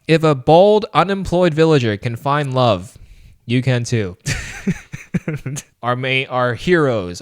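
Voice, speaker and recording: A man co-hosting a podcast, chatting casually about a film, animated and laughing often as he acts out lines. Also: mid-range voice. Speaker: podcast co-host. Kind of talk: casual movie review chat.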